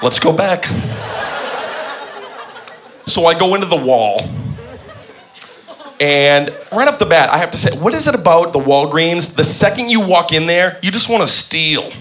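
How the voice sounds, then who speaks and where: A man doing a stand-up comedy set, telling a story in an excitable, playful way. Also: a little high, normal speed. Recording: live club, crowd and room noise. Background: audience laughing.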